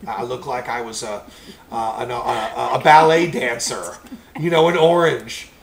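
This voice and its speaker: A man who is a preacher, telling a personal testimony story in a rambling, animated way. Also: medium pitch, unhurried, gravelly, crowd noise, poor audio.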